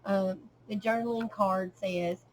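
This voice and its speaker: Soft-spoken middle-aged woman, casual. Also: mid-range voice, steady tone, a little hiss or hum, poor audio. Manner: unhurried, with frequent ums and trailing pauses. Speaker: crafter showing a handmade journal. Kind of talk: casual show-and-tell narration.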